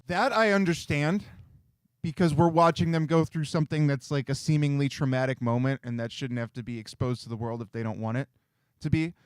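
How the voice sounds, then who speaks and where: A man co-hosting a sports radio show, speaking in a measured, agreeable way. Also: a little high, clean tone, dry recording. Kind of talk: casual sports talk. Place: radio studio.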